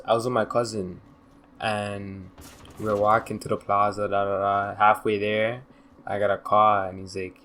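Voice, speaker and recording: A young man with a fairly low voice tells his story in a loose, slangy ramble. He keeps padding it with fillers and trails off into "da, da, da". A faint hum sits behind him. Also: fairly even intonation, unhurried, a bit bright. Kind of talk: casual storytime monologue.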